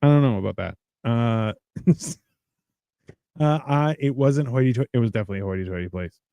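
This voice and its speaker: A man co-hosting a casual podcast, telling stories with acted-out voices and deadpan, crude humor. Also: medium pitch, brisk, smooth, no room sound, highs cut off. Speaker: podcast co-host. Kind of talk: casual chat.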